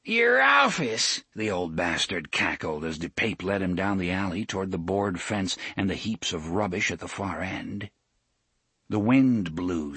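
Husky low-voiced male narrator. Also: no room sound. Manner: expressive storytelling. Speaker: audiobook narrator. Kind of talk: scripted narration.

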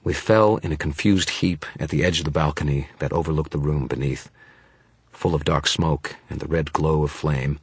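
Male audiobook narrator, grim and dramatic, extremely deep and gravelly-husky, dry. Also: fairly even intonation, moderate pace, no echo. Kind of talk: first-person fantasy audiobook narration.

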